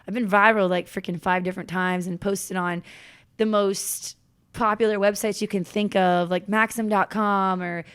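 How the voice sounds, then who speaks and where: A young woman talking as a podcast guest, telling her story in a chatty, animated way. She restarts her sentences and fills them with "like," and her voice sits at a middle pitch. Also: moderate pace, smooth. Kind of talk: casual interview storytelling.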